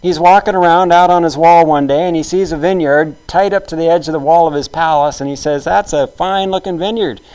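A man's voice: a little high, steady tone, brisk, few pauses, a little mellow, clear, resonant tone, poor audio. A man preaching a sermon in a conversational, storytelling way, acting out the quotes of the people in the story.

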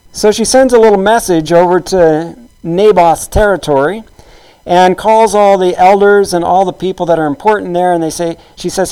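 A man's voice: high voice, a little fast, warm tone, clear, resonant tone, poor audio. A man preaching a sermon in a conversational, storytelling way, acting out the quotes of the people in the story.

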